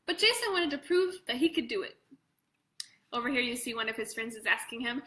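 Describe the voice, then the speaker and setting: Woman storyteller, high and bright, lively kids' read-aloud with picture asides. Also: fairly quick. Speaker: children's book author. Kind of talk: read-aloud to children on a live stream.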